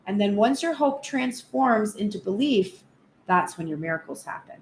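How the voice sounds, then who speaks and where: A woman giving a frank, animated tarot reading in a casual spoken style, swearing now and then. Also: medium pitch, normal speed, reverberant, a little hiss or hum. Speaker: tarot reader.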